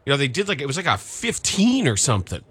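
Male radio co-host, even mid voice, deadpan wit in loose talk. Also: mid-range voice, fast talker, husky. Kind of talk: casual sports radio banter. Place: radio booth at an auto show.

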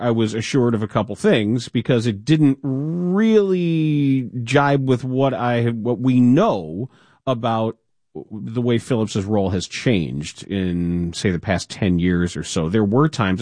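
A man's voice: on the low side, dry recording. Radio guy rambling through stories, dry studio sound, does goofy voices. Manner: animated storytelling, does quick voices. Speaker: sports radio host. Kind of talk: casual talk radio monologue. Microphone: studio mic.

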